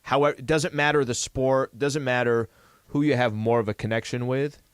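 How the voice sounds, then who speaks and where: Thoughtful American sports radio co-host. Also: male voice, mid-range voice, steady tone, moderate pace, smooth, no room sound, clean studio sound. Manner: reflective, hesitant restarts. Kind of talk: casual sports talk.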